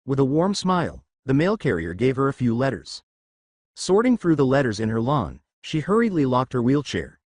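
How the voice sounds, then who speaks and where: A man narrating a fan fiction story with an expressive reading. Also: mid-range voice, normal speed, no room sound, studio quality.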